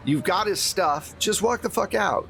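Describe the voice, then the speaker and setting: A man's voice: sits high, animated, normal speed, gravelly, pushed and bright, slight background noise, voice pushed up, full character voice. A man voicing a nervous male hitman who stammers and tries to placate people, in a tabletop game. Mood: defensive.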